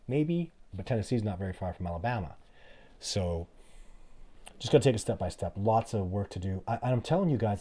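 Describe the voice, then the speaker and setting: A middle-aged man hosting a live show, talking casually and rambling, animated as he tells stories and quotes people. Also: on the low side. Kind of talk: casual live-stream chat.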